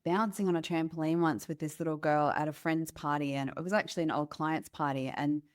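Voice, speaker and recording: A woman hosting a podcast, telling stories in a lively, conversational way. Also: deep voice, brisk. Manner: lively storyteller. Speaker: podcast host.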